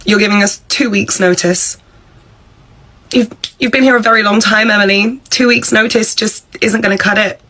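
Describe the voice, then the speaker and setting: A woman's voice: medium pitch, steady tone, normal speed, bright, forceful tone. A woman voicing a bossy, entitled female pub manager who talks down to her staff. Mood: condescending. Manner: pushy, condescending, self-important.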